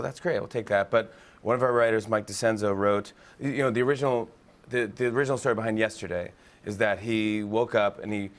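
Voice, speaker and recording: A man chatting as a talk show guest, telling animated stories with many quick restarts. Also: lowish voice. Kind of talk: casual chat.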